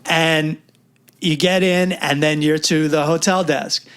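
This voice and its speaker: A man's voice: fairly high pitch, takes it slowly, clear, resonant tone. A man co-hosting a podcast, telling stories in casual chat, acting out quotes and swearing freely. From New York. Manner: animated storyteller, acts out quotes, swears freely. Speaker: podcast co-host.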